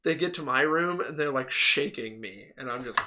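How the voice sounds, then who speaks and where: A man co-hosting a podcast in casual chat, telling animated stories, laughing often and mimicking the people in them. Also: medium pitch, moderate pace, slight background noise. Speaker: podcast co-host.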